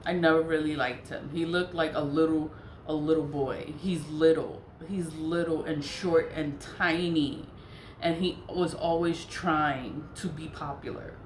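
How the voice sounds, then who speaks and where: A woman's voice: low voice, fairly even intonation, a little slow. Blunt, profane woman in an echoey room. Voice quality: profane, blunt, repeats herself for emphasis. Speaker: spiritual practitioner telling a personal story. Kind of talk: casual monologue. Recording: echoey room with faint background noise.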